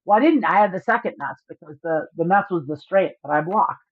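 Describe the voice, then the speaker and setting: A woman explains her hands during an online poker stream, full of jokes and profanity. She speaks briskly, with a voice on the low side and lively intonation. The audio is dry, slightly dull lo-fi.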